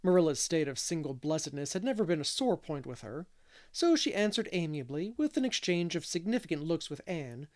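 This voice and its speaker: A man's voice: on the high side, very animated, a little fast, darkish tone. Man narrating a classic storybook. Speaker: audiobook reader.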